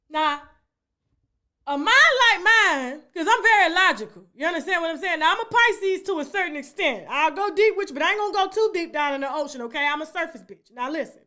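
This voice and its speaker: A woman giving an animated commentary monologue as a gossip vlogger, emphatic and repetitive. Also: very high-pitched, fairly quick. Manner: emphatic, repeats "okay?" and "you understand?".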